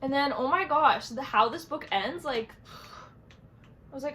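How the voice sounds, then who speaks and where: A woman's voice: high-pitched, slow pace, pushed and bright, low-quality recording. A young woman reviewing a book in a casual, rambling vlog, full of fillers and quoted reactions. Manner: chatty, rambling, many fillers. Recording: faint background noise.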